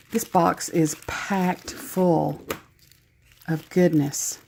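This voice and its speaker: Slow, gravelly-voiced Southern woman gushing. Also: on the low side, fairly even intonation, a little mellow, a little hiss or hum. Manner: gushing, self-deprecating, chatty. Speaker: crafter opening a gift package. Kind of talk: casual unboxing chat.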